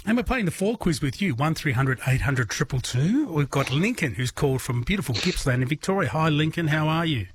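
Husky-voiced Australian radio host. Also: male voice, a little high, lively intonation, brisk, hardly any pauses. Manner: chatty, laughs easily, repeats phone number. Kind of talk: late-night radio quiz chat.

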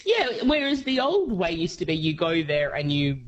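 Lively woman, lower voice. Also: normal speed, dull audio. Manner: animated, laughing storyteller. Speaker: radio guest on film. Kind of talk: casual radio chat.

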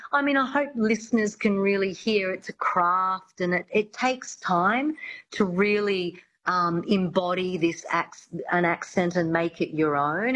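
A woman's voice: mid-range voice, fairly bright tone, a little hiss or hum, rough recording. A woman guest on a radio show, talking about work and agreeing readily. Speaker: accent coach guest. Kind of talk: radio interview.

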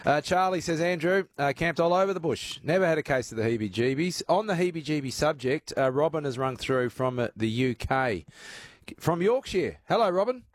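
A man hosting a casual radio talkback show, chatty and relaxed, with lots of "uh" fillers. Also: fairly high pitch, a little fast, no echo. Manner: relaxed, chatty, frequent "uh" fillers, laughs easily.

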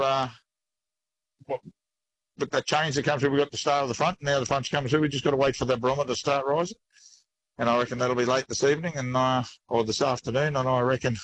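A man with an Australian accent, chatting casually about fishing in a relaxed, folksy way and calling people "mate". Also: mid-range voice, low-quality recording. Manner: laid-back, folksy sayings, says "mate" often. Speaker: fishing guest. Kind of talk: casual chat.

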